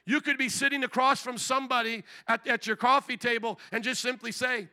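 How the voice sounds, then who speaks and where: Male pastor mid-sermon, high and very bright, drives points with repeated questions. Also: fairly even intonation, a little fast, few pauses. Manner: preaching with rising intensity, repetitive rhetorical questions.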